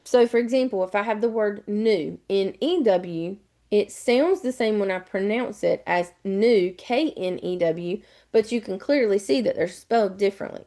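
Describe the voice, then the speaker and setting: At a normal speed and with a dark tone in her medium-pitched voice, a middle-aged teacher leads a live online class on spelling rules. Her explanations are patient, and she goes through words one letter at a time.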